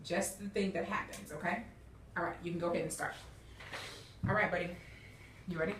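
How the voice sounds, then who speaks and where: With a steady, low-leaning voice and a brisk pace, a teacher encourages young readers, asking "okay?" and "all right?" again and again. The classroom is roomy and noisy, and the microphone sits far away.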